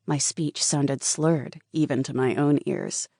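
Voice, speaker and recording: Mellow-voiced audiobook narrator, woman. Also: low-pitched, fairly even intonation, slow pace, creaky, few pauses, breathy edge, no echo, clean studio sound. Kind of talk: scripted first-person narration.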